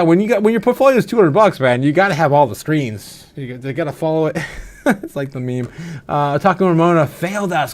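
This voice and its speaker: A man hosting a livestream who sounds a little tipsy and slightly slurred, chatting loosely with lots of "uh" fillers and frequent laughter. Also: a little high. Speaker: crypto livestream host. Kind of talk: casual livestream chat reading viewer comments.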